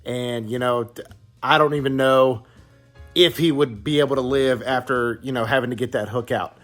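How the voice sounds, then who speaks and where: Out fishing at a pond, a man from southeastern Virginia vlogs at a moderate pace in a mid-range voice, with no room sound. He keeps things casual but excitable, exclaiming repeatedly as faint music plays behind him.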